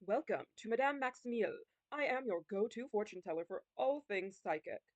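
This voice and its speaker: A woman's voice: mid-range voice, lively intonation, a little fast, no echo, voice pushed up, close to an everyday voice. A woman reading a dramatic, fussy female fortune teller in a game with a grand, showy delivery.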